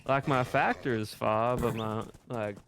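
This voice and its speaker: A man chatting casually with a fellow player, halting and hedging as he talks. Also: mid-range voice, heavy background noise. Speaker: game co-player. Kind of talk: casual in-game chat.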